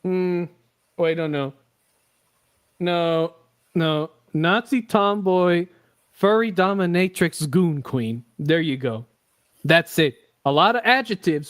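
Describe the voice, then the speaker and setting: A man's voice: high-pitched, lively intonation, takes it slowly, long pauses, a bit bright. A man hosting a casual podcast, rambling and joking with lots of swearing. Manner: rambling, profane and jokey. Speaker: podcast host.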